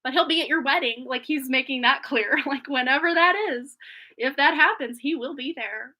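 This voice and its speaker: Bubbly high-voiced woman tarot reader. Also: moderate pace, pushed and bright, poor audio. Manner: bubbly, effusive, giggly. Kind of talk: live stream chat and readings.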